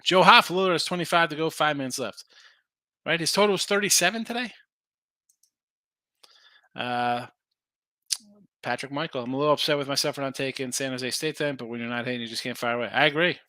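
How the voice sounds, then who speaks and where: Man, betting show host, bright tone, dry close sound, loose rambling talk. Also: mid-range voice, brisk, pauses often, no echo. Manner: loose, rambling, answers chat comments. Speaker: sports betting podcast host. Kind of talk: casual betting picks talk.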